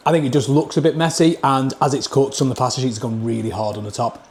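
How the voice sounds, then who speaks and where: Northern English man, mid-pitched, blunt casual food reviewer, talks between bites. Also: steady tone, fast talker, a little mellow. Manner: blunt, plain-spoken, scores each dish out of ten.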